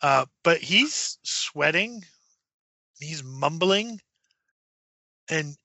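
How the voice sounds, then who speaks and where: A man running a tabletop horror game as game master, narrating with halting fillers and dropping to a whisper for eerie moments. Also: on the high side, pushed and bright, no echo, muffled recording. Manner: halting, many fillers, drops to a whisper for spooky parts.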